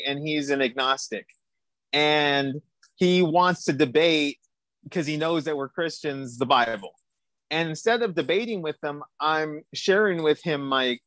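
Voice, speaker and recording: A middle-aged man as an interview guest, telling a personal testimony in an animated, quick way. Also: a little high, no echo. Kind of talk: storytelling testimony.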